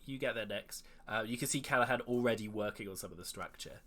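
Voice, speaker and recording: A man running a tabletop game as dungeon master, narrating in a relaxed way with many fillers and restarts. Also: lowish voice, fast, crowd noise.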